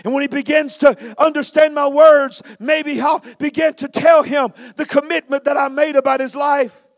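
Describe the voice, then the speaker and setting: A man preacher voicing a devoted mother who fervently vows her son to God, loud and pleading. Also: very high voice, fairly even intonation, normal speed, pitched above the performer's own voice.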